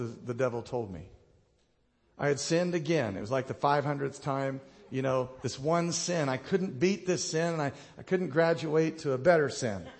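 A middle-aged man preaching a passionate sermon, rising to loud declarations and dropping to hushed, intimate moments. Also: mid-range voice. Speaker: pastor. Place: church sanctuary. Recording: long hall reverb.

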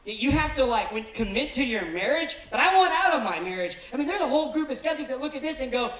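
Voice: sits high, expressive, quick pace, hardly any pauses, a bit bright, roomy sound, rough recording. A pastor giving a sermon in a church in a conversational way, now and then acting out the voices of the people being described. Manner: conversational, acts out quoted people in different voices. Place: church auditorium.

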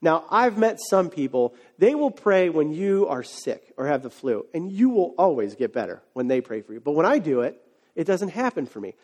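A male pastor with a high-pitched voice delivers a sermon. He speaks casually and conversationally, with lively asides, and builds to fervent, emphatic preaching. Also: normal speed.

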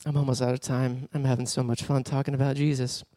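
A man preaching a sermon as a personal story, animated and laughing often as he tells it. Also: medium pitch, fast talker, dry recording.

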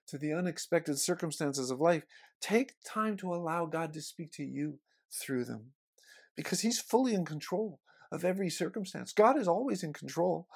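A man's voice: a little high, darkish tone. A middle-aged man, preaching a sermon in a conversational, storytelling way. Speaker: pastor.

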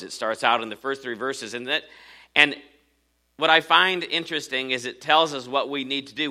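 A man's voice: medium pitch, a little fast, sharp tone. A man preaching a sermon, earnest and repeating phrases for emphasis. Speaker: pastor.

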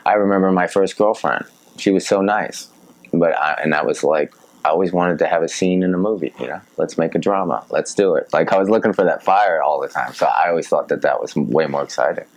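A man chatting as a podcast guest, telling his stories in a lively, animated way and laughing often. His voice is extremely deep. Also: brisk, rough recording. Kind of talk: casual conversation and storytelling.

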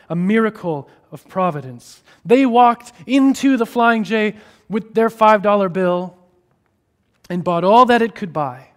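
A man preaching a sermon, moving between hushed, drawn-out phrases and raised, emphatic ones. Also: high-pitched. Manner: expressive, shifting between hushed and raised delivery.

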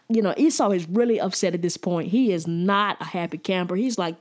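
A woman's voice: medium pitch, animated, measured pace. A woman teaching a Bible study in a casual, conversational way, often repeating words and checking in with "okay?".

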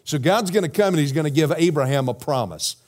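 A man preaching a sermon as pastor, measured and emphatic, repeating phrases and asking the congregation rhetorical questions. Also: a little high, lively intonation, a little mellow.

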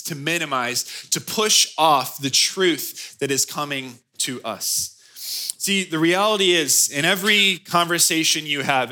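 A man in his thirties, a pastor preaching a sermon with animated storytelling. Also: fairly high pitch. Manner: animated storytelling with acted-out quotes.

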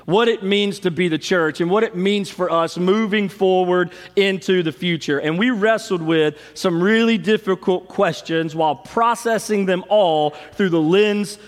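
A middle-aged man, a pastor telling stories in an animated sermon. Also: high voice, unhurried, few pauses. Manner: storytelling, animated, fond of shouting the cheer. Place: large church sanctuary. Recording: long hall reverb.

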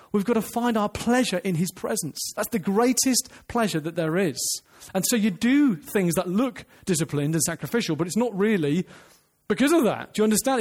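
Preacher guy, pretty high voice, earnest, keeps restarting and asking "do you understand". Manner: earnest, emphatic, with restarts and rhetorical questions. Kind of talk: sermon.

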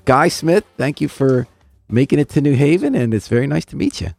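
A man hosting a radio interview show, asking questions in a brisk, chatty way from a studio. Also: on the high side, animated, gravelly, darkish tone, no room sound, soft background music.

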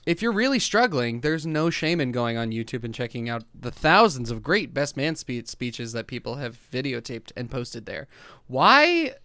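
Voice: mid-range voice, very animated, normal speed, bright, forceful tone, dry recording. A podcast co-host in their thirties in casual chat, wry and laughing, swearing casually.

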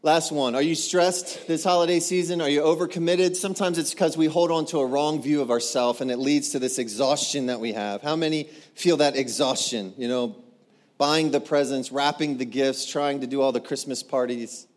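A man, a pastor, preaching a sermon in an animated way, acting out quoted voices and building to loud exclamations. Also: a little high, moderate pace.

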